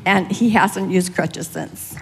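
A woman telling a personal testimony as an interview guest, earnest and halting. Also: fairly low pitch, fairly even intonation, vocal fry, background noise. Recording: long hall reverb.

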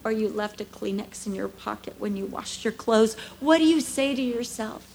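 Woman preaching, expressive and emphatic. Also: mid-range voice, moderate pace, gravelly, slight background noise. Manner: expressive, acts out dialogue, drops to hushed asides. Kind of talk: sermon.

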